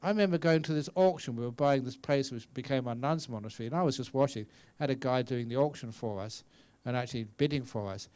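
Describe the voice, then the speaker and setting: A slightly mellow, medium-pitched male voice belongs to a Buddhist monk teacher in his 60s giving a chatty dharma talk that answers questions in a meditation retreat hall. He tells stories, acts out voices, and laughs often.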